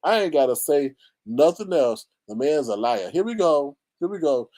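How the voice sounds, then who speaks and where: A man hosting a casual gossip commentary, animated and mocking, often jumping into high squeals. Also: normal speed, dry recording. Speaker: YouTube commentary host.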